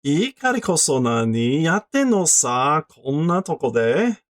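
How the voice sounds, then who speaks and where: A man reading a curious, chatty teenage schoolboy's lines aloud in careful, halting learner's Japanese. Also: fairly high pitch, very animated, no room sound, studio quality, voice pushed up.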